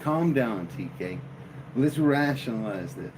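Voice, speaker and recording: Guy streaming live, slow drawly banter w/ chat, mid voice, ac humming behind. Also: medium pitch, animated, background noise. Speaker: livestream host.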